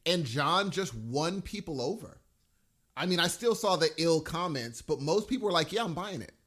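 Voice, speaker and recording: A man co-hosting a podcast in casual chat, enthusiastic and animated, often trailing off mid-sentence. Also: a little high, normal speed. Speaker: podcast co-host.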